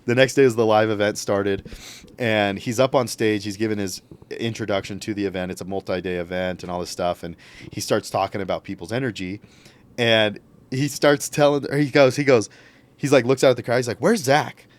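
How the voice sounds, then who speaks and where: A man's voice: fairly low pitch, fairly quick. A young man, a podcast guest, telling a story casually and acting out what others said. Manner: animated, acts out quotes.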